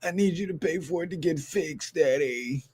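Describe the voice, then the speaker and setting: A man putting on the voice of his young daughter, whining and pleading for money in a drawn-out way. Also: a little high, a little mellow, breathy edge, pitched above the performer's own voice. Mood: whiny.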